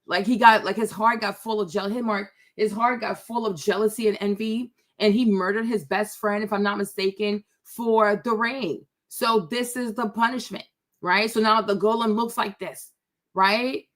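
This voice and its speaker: A woman's voice: mid-range voice, fairly even intonation, normal speed. A woman hosting her own show, ranting in a casual commentary style, emphatic and repetitive, checking in with viewers often. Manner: emphatic, repetitive, keeps asking "right?"; addresses viewers by name. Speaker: host.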